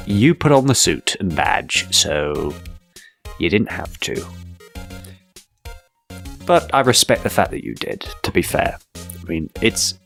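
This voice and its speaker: A man's voice: lowish voice, vocal fry. A man giving casual, rambling game commentary with self-deprecating asides. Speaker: let's play host.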